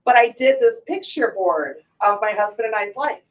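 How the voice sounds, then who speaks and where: Animated woman host, distant muffled mic. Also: a little high, normal speed. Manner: animated storyteller, acts out quotes. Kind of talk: casual talk show chat.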